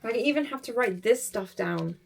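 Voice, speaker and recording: A young woman talking casually to camera in a vlog, rambling and self-critical, tired and low, often sighing. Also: expressive, fairly quick, gravelly. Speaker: vlogger.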